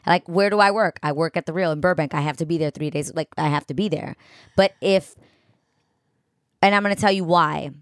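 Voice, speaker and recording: A young woman from New York talks in a lowish voice with a clear New York accent. Her speech is animated and rambling, full of restarts and asides, and the recording is dry and close with no room sound. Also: fairly quick, dry recording. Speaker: guest co-host. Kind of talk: casual podcast chat.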